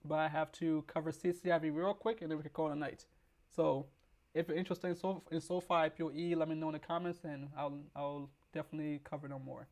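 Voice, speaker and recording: A man hosting a stock market video, hoarse from losing his voice, rambling with restarts as he reads news aloud and explains it. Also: on the high side, fairly even intonation, quick pace. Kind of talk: casual explainer with screen reading.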